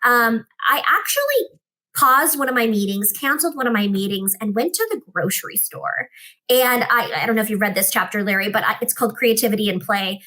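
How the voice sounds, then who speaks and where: A woman guest on a podcast telling an animated story and acting out the dialogue in it. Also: fairly high pitch, a little fast. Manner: expressive, acts out dialogue in her stories.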